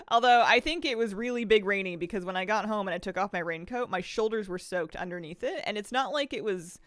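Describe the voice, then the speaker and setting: A woman's voice: medium pitch, brisk, no echo, clean studio sound. A woman from the Pacific Northwest streaming a game, chatting casually and rambling, with a slight lisp and frequent sighs. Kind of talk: casual chat while gaming.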